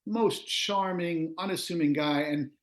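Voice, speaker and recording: A man's voice: on the high side, unhurried. Man telling a story in a roomy space. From Long Island, US. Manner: animated storyteller, laughs often. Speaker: guest musician and author. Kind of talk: casual interview storytelling. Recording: roomy echo.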